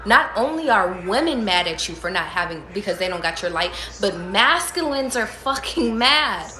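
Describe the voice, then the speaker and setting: A woman's voice: mid-range voice, big pitch swings, normal speed, pushed and bright, echoey room. A woman giving casual tarot readings to her viewers, talking emphatically with lots of profanity, repeating and restarting her phrases. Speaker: tarot reader.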